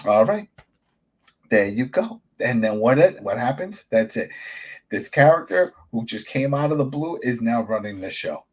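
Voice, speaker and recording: A man co-hosting a podcast, chatting casually about a TV episode and jumping into high voices to act out characters. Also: normal speed, breathy edge. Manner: animated, acts out characters in sudden high-pitched voices. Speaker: podcast co-host, editor. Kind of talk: casual review chat.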